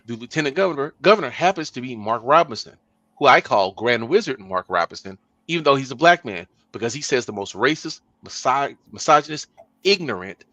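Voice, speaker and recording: A man hosting a podcast in casual political chat, talking emphatically and building to loud bursts. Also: medium pitch, lively intonation, brisk, dry recording. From Texas. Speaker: podcast host.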